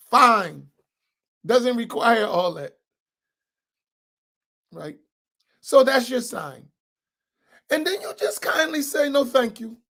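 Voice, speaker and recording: An imam leads an informal religious class, talking conversationally, checking in with his listeners often and repeating key points for emphasis. His voice is very high-pitched with a fairly bright tone.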